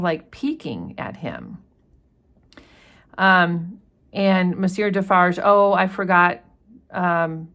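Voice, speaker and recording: A woman teacher talking through a classic novel in a loose, chatty way, with many fillers and quick quoted lines from the characters. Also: on the low side. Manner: briefly puts on plain character voices when quoting dialogue. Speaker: literature teacher. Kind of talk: casual book discussion.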